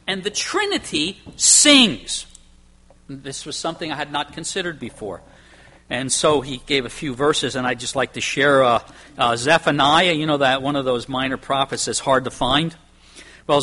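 Man, pastor, sermon, conversational, emphatic, rhetorical questions, slightly high, husky. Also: bright, forceful tone.

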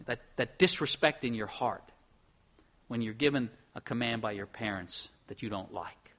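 A middle-aged man preaching a sermon in an earnest, emphatic way, moving between soft and loud. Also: medium pitch, normal speed. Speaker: pastor.

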